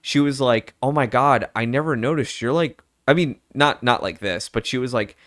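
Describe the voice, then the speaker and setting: Young guy rambling candidly to camera, mid-pitched, dead dry sound. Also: moderate pace, a bit bright, no echo. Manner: candid, rambling, lots of fillers and self-quotes. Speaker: vlogger. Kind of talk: personal casual chat.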